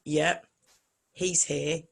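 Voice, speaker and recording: A woman's voice: low voice, very slow, creaky, breathy edge. A woman in her forties, a singer and vocal coach, chatting as an interview guest and acting out the voices in her stories. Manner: animated storyteller acting out quotes. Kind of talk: casual interview chat.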